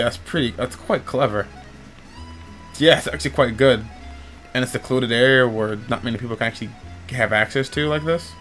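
A man's voice: mid-range voice, fairly bright tone. A man with a stuffy nose giving casual, rambling gameplay commentary as a let's player, often stopping to restart his sentences. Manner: rambling, self-interrupting.

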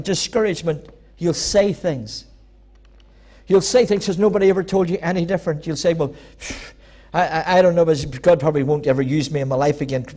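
A man preaching a church sermon, emphatic and repetitive, building to loud peaks. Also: sits high. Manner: emphatic, repeating phrases, rising to loud peaks. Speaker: pastor.

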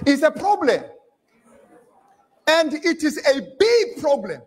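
A man preaching a sermon in a church, switching between English and Xhosa and building up to shouted lines. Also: very high-pitched, sing-song, slow. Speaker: pastor.

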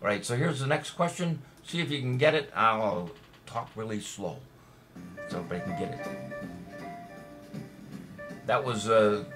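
A man's voice: lowish voice, normal speed, long pauses, a bit bright. Jokey man hosting a trivia stream. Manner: jokey, chatty, reads out viewer names and answers. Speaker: trivia show host. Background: music.

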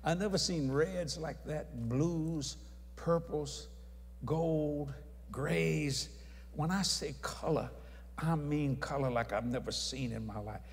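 A man's voice: on the high side, takes it slowly. Folksy preacher man in a big hall. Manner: folksy, animated storyteller. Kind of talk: storytelling sermon. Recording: reverberant hall.

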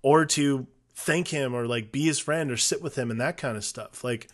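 A man's voice: medium pitch, normal speed. A man co-hosting a film podcast, talking casually and working through his thoughts with restarts. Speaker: podcast co-host.

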